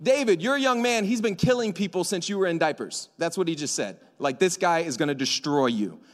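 A man preaching a sermon to a church congregation, animated and joking, acting out dialogue in slang. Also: a little high, a little fast. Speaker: pastor. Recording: long hall reverb.

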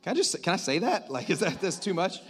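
A man's voice: high voice, big pitch swings, fast, fairly bright tone. A man preaching a sermon in a conversational way, joking with the congregation and asking it questions.

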